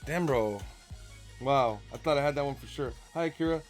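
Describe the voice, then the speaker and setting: A young man streaming a game live, chatting casually and jokingly, sometimes bursting into loud shouts. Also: mid-range voice, moderate pace, faint music behind. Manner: excitable, jokey, bursts into shouts. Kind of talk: live gaming commentary.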